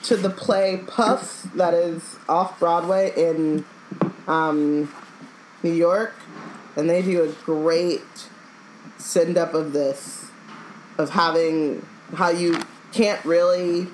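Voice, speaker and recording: A woman's voice: low-pitched, steady tone, slow pace, darkish tone, a little hiss or hum, low-quality recording. A woman co-hosting a podcast in casual, enthusiastic chat, often saying "like". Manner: chatty, enthusiastic, uses "like". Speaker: podcast co-host.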